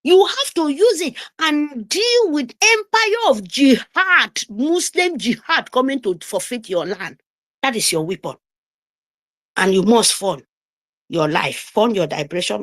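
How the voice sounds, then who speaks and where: A woman's voice: a little high, big pitch swings, unhurried, a bit bright. A middle-aged woman, giving an impassioned, scolding speech on a live audio call, emphatic and repetitive.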